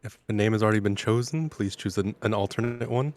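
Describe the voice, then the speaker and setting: Low voice guy game master, playfully formal, dry close sound. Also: fast, a little mellow, dry recording. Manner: playfully formal, laughs often. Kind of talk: hosting a live stream Q&A.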